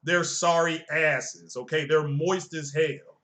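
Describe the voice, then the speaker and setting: A middle-aged man hosts a casual live stream, talking in a high voice. His tone is bright and forceful as he rants bluntly and swears freely, chuckling at his own jokes. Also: steady tone, takes it slowly. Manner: blunt, profane and joking, chuckles often.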